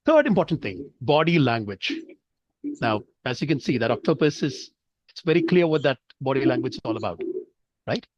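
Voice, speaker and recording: A man's voice: mid-range voice, big pitch swings, normal speed, lo-fi sound. A man from India teaching public speaking in an online training session, explaining with examples and checking in with his listeners. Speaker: speech trainer.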